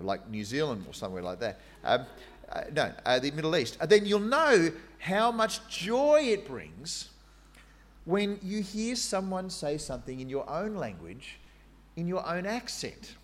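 A man preaching a sermon in an animated, conversational way, with fillers and asides. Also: a little high, normal speed.

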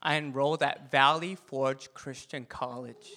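A man's voice: on the high side, lively intonation, takes it slowly, hardly any pauses, a bit bright. A young man preaching to a youth group in a playful style, quizzing listeners by name and telling his own story. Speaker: youth pastor.

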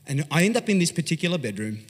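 An Australian pastor tells a story from the pulpit, chatty and animated, rising loud and dropping to a hush. His voice sits a little high and sounds husky. Long reverb from a large church hall trails behind every phrase. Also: quick pace. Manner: animated, conversational, swings from loud to hushed. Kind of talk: storytelling sermon.

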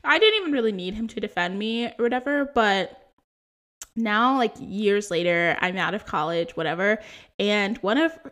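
Animated and a bit bright, a woman's medium-pitched voice keeps a moderate pace as she hosts her podcast. In her twenties, she chats through personal stories, laughing a lot and peppering her talk with "likes" and "ums."

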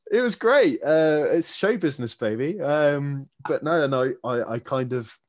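A man's voice: on the high side, lively intonation, measured pace. Enthusiastic young man, laughing often. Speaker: guest, jousting performer. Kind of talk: casual chat.

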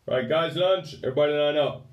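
A brisk American sheriff calls everyone to line up, as a British storyteller acts him out. The voice sits a few steps above the man's own and sounds distant and roomy. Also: a little high, dull audio, pitched above the performer's own voice, close to an everyday voice. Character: brisk American male sheriff calling lunch.

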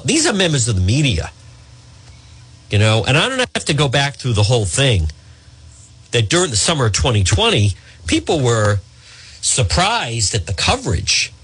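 Guy ranting on talk radio, sarcastic, kinda husky, voice jumps all over the place. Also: a bit bright. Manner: sarcastic, mocks voices in a high put-on tone. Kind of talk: opinionated talk radio monologue.

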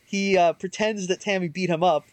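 A man's voice: high-pitched, steady tone, normal speed, no room sound. A man co-hosting a podcast, chatting casually about old cartoons with many fillers and restarts. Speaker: podcast co-host. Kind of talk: casual chat reviewing cartoons.

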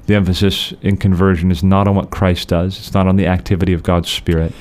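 A man co-hosting a podcast, explaining theology in a measured, conversational way with frequent restarts. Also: deep voice, level tone, darkish tone.

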